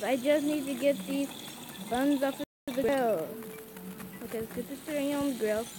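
Woman, high voice, frantic casual gameplay commentary, pleading to herself, clear sizzling game sounds underneath. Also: steady tone, a little slow, noisy background.

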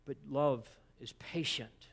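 A man's voice: mid-range voice, takes it slowly. A man preaching an expository sermon as pastor, emphatic, with rhetorical asides and repeated words as he presses a point.

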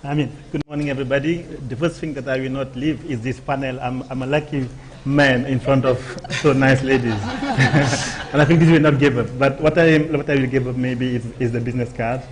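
A man's voice: mid-range voice, steady tone, a little hiss or hum. Hesitant man answering on a panel. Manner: hesitant and light-hearted, with pauses. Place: conference stage.

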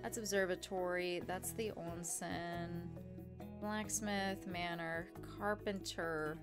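A woman's voice: fairly low pitch, fairly even intonation, slow, music in the background. A young woman casually chatting and swearing as she streams a farming game. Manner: chatty, swearing, self-mocking. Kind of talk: casual gameplay commentary.

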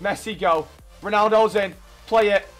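A young man commentating his own football gameplay, swearing, shouting at opponents and ranting in frustration. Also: high-pitched, normal speed, faint music behind. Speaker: gaming YouTuber.

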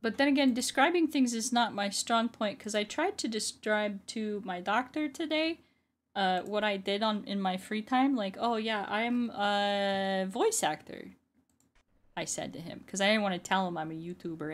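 A woman's voice: medium pitch, normal speed. A woman who makes videos and ASMR, chatting casually while she plays a game, often repeating her phrases. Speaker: YouTuber and ASMR artist. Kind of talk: casual gameplay commentary.

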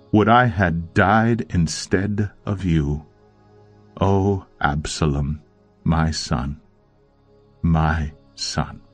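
A man voicing a grieving older male king who mourns his son in slow, sorrowful lines. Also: sits low, full character voice.

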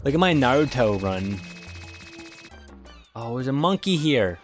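A man's voice: medium pitch, very animated, a little slow, long pauses, faint music behind. A man streaming a video game with goofy, playful commentary and jokey yelps of pain. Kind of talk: casual let's-play commentary.

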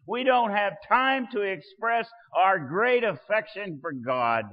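A man preaching a sermon as pastor, swelling loud and dropping soft. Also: high voice, big pitch swings, measured pace, in a large hall, muffled recording.

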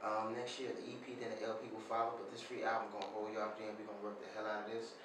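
A man talking loosely in a casual interview, full of fillers, from Chicago, his voice low with morning roughness. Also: completely flat delivery, fast talker. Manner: laid-back, loose talk with many fillers. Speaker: singer being interviewed. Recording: echoey room, distant mic, noisy.

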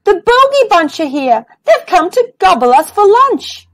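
A woman's voice: very animated, unhurried, fairly bright tone, heavily acted. A woman voicing a frightened old man who shrieks in panic in a storybook. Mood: panicked. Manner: frantic, high and shrieking.

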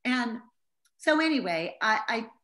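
A woman's voice: on the high side, big pitch swings, measured pace, fairly bright tone. A middle-aged woman giving an informal Bible teaching to a small group, telling stories in an earnest, heartfelt way.

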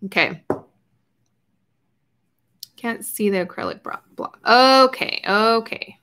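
Young woman, craft livestream host, unhurried, chatty, murmurs while painting. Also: a little high, lively intonation, sharp tone. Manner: chatty, talks to viewers while painting, often trails off to murmur. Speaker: art journaling livestream host. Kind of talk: casual live crafting chat.

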